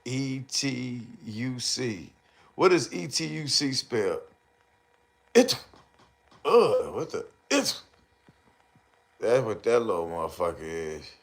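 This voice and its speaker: A man with commentating a live stream, ranting and joking loudly with slang and mocking put-on voices. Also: mid-range voice, big pitch swings, slow pace, gravelly, long pauses. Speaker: streamer reacting to videos.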